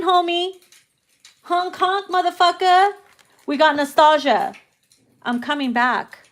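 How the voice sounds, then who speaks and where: Slow-talking brash tarot-reading woman. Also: high voice, fairly bright tone, a little hiss or hum. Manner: brash, profane and laughing a lot. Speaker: tarot reader.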